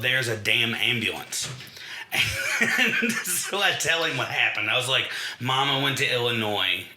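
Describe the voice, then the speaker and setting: A man casually telling a funny story on a podcast, acting out the lines of people in it. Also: medium pitch. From Kentucky. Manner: animated storyteller, acts out quoted dialogue. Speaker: podcast co-host. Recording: echoey room.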